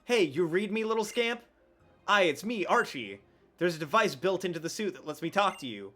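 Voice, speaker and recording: A man's voice: high voice, lively intonation, moderate pace, sharp tone, soft background music, exaggerated voice. A man reading as a bossy pirate boss.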